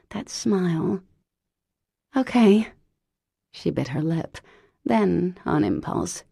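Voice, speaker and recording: Woman audiobook narrator, husky and gravelly, slow pace, dry close recording. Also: lowish voice, dark tone, dry recording. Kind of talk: scripted narration.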